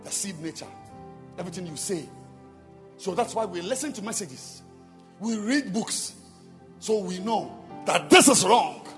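A man's voice: sits high, animated, measured pace, long pauses, big-room sound, soft background music. A male pastor preaching a sermon, repeating phrases and building up to emphatic calls to prayer. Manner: emphatic, repetitive, calls for responses.

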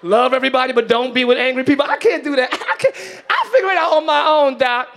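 A man preaching a sermon in church as pastor, acting out everyday scenes and shouting his points to the congregation. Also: extremely high pitch, animated, fast talker, hardly any pauses.

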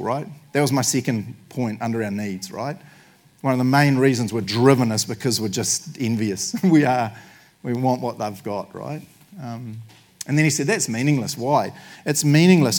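Brief: New man, pastor mid-sermon, mid-pitched, jokey and animated. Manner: jokey, animated, laughs often.

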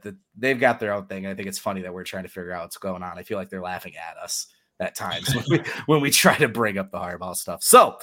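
A man's voice: lowish voice, fairly bright tone. A man hosting a casual sports podcast, chatty and joking, laughing often as he talks. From Michigan. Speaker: podcast host.

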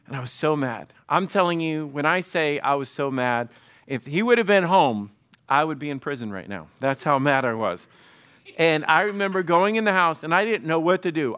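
A middle-aged man preaching a sermon as pastor, telling a personal story with animated quoted bursts. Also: on the high side.

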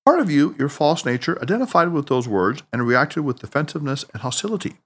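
A playful, shrewd martial arts master, as a male audiobook narrator puts him on, with a lively, swinging voice. He teases with a grin in his words and settles into a calm, soothing tone when he teaches. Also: high voice, fairly quick, voice pushed up, full character voice. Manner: teasing, then soothing and calm. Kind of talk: audiobook character voice.

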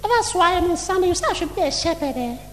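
Brief: a fussy, giggly wife, very high voice, long hall reverb, put on by a preacher. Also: male voice, expressive, fast, fairly bright tone. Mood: gushing. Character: doting married woman, chatty and house-proud. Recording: long hall reverb, faint room noise.

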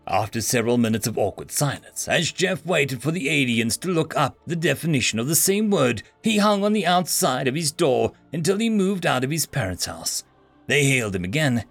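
Wry male storyteller, lively and gravelly. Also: mid-range voice, normal speed, no echo, soft background music. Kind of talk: storytelling narration.

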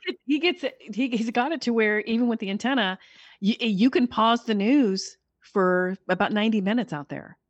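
A woman's voice: fairly high pitch, animated, moderate pace, no room sound, highs cut off. Chatty enthusiastic woman, dry sound. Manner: enthusiastic, rambling, many restarts. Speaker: podcast guest, author. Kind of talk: casual podcast chat.

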